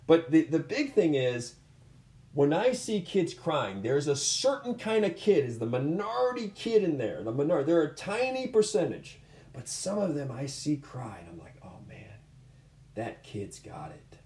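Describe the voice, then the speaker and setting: In an echoey room, a combat sports coach tells stories casually, earnestly rambling and restarting often. He has a fairly high, sing-song voice with a dark tone and a moderate pace.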